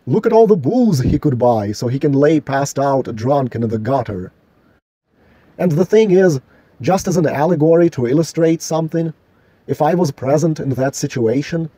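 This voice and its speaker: A man's voice: mid-range voice, dark tone, husky, no room sound. A man delivering a solo vlog rant in an indignant, argumentative, profane way. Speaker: vlogger.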